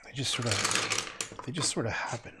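A man's voice: mid-range voice, moderate pace, very noisy. A man painting on a livestream, rambling and muttering to himself, tossing in playful nonsense words and casual swearing. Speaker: painter streaming live.

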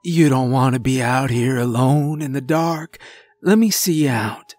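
A man doing a weary old farmer with a slow drawl. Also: medium pitch, a little mellow, faint music behind, close to an everyday voice. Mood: grim, weary. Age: older. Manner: slow drawling rural speech.

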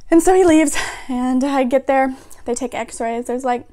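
High-voiced young woman telling a story. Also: unhurried. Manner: chatty, animated retelling with fillers. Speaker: vlogger. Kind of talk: casual storytime.

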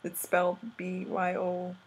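A woman co-hosting a home vlog, casually teaching words, often laughing and slowly repeating words to coach. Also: lowish voice, completely flat delivery, slightly rough.

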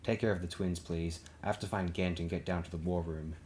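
A man's voice: low-pitched, fairly even intonation, a little mellow, a little hiss or hum, lightly acted. Man reading a guarded woman leader. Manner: careful, guarded, measured. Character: guarded female leader under pressure.

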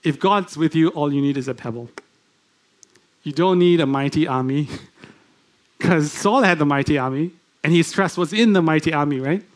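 A man with a fairly high voice preaches a sermon in a church. He talks conversationally and keeps asking his listeners questions. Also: moderate pace. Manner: conversational, asks the congregation many questions. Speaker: guest preacher.

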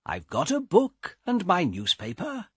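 A reader voicing a quiet man of fifty, thinking aloud. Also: sits high, wildly swooping pitch, breathy edge, dry recording, studio quality, voice pushed up, heavily acted. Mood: content. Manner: soft inner thoughts, slow. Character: quiet small man of fifty, mildly annoyed.

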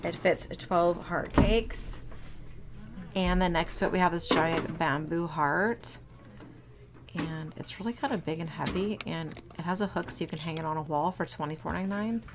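Chatty young woman with a gravelly voice. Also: low-pitched, fairly quick, noisy background. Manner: chatty, gushing over cute items, lots of ums. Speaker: shopping vlogger. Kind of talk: casual shop-with-me narration. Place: indoor retail store. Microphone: handheld phone.

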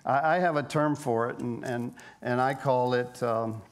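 A man preaching a sermon as a pastor, telling a story with lively energy and frequent stammered restarts. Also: medium pitch, unhurried.

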